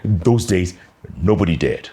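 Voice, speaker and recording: A man, a journalist, telling an animated anecdote with many casual fillers. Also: low voice, unhurried, slightly rough. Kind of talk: anecdotal storytelling.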